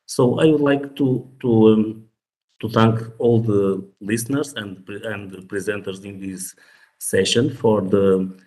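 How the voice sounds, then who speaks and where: Male conference chair, low voice, hesitant delivery, reads titles off a list, video-call mic. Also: steady tone, dark tone, low-quality recording. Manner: halting, reading out paper titles with frequent restarts. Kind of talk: introducing speakers at an online academic conference. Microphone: computer microphone on a video call.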